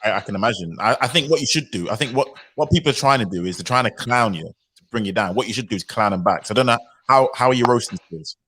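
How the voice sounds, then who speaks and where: Quick low-voiced man, teasing banter, online panel chat. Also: expressive, fairly bright tone, a little hiss or hum. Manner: fast, teasing, gives joking advice. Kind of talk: casual discussion.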